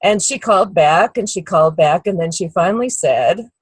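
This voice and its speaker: A middle-aged woman tells a personal story on a team call, slipping into the voices of people she quotes. Her voice is husky and sits a little low. The sound is dry and close. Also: moderate pace, no room sound, poor audio. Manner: warm anecdotal storytelling, acts out quoted people. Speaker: guest speaker.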